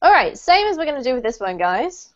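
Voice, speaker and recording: A woman teaching English pronunciation to a group over a video call, clear, deliberate and encouraging. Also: very animated. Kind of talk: online group pronunciation lesson. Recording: muffled low-fidelity video call audio.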